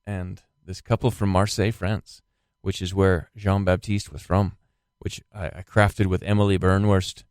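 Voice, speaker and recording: A rambling American man tells stories on a podcast, starting over often. His voice sits low. The sound is dry and close. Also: level tone, moderate pace, hardly any pauses, darkish tone, clear, resonant tone, no echo. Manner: rambling storyteller with many restarts. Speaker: guest actor. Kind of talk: casual podcast chat.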